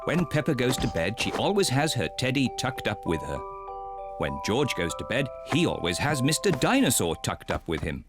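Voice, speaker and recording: A man narrating a children's cartoon in simple, measured sentences. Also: mid-range voice, big pitch swings, over music. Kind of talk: scripted storybook narration for children.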